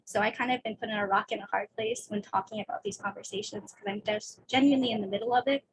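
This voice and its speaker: Nervous young woman talking fast. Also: medium pitch, steady tone, slight background noise, poor audio. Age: young adult. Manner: rushed, nervous, candid. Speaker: student panelist. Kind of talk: casual panel talk. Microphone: video call.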